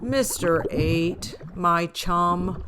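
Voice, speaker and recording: A sulky, gloomy male fish from a storybook , played by a woman reading aloud. He moans his lines in a slow, mopey sing-song. Steady background hiss sits under the voice. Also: on the low side. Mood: glum.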